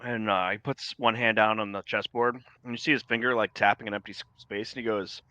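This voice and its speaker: A man running a tabletop game as game master, narrating scenes casually with plenty of "like". His voice is bright and the sound is dry and close. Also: on the low side, fairly even intonation, brisk, few pauses, no room sound, lo-fi sound. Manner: casual, descriptive.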